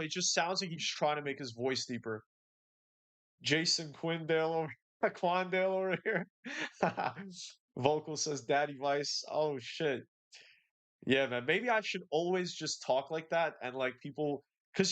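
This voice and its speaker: Chill slangy guy on a gaming stream, reading chat, voice a bit high. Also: fairly bright tone. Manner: laid-back and slangy, reads out and answers chat. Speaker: livestream host. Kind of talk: casual livestream chat.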